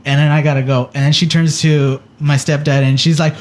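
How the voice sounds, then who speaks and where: A man's voice: fairly high pitch, quick pace, few pauses. A man co-hosting a podcast, telling a story in casual chat and acting out the quotes with animation. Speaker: podcast co-host.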